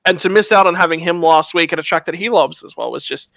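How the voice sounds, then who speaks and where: A man's voice: fairly high pitch, moderate pace, vocal fry, pushed and bright, no room sound. A man co-commentating a race broadcast in a casual, earnest and effusive way, laughing easily.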